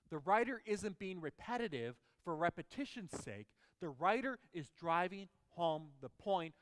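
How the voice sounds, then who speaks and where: A man's voice: sits high, lively intonation, measured pace, few pauses, in a large hall. A man preaching a sermon as pastor, emphatic and putting questions to the congregation.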